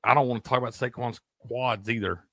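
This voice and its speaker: A man's voice: mid-range voice, fast, no room sound, clean studio sound. A man co-hosting a casual sports betting chat, cursing freely and laughing often. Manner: profane, animated, laughs a lot. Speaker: sports betting show co-host.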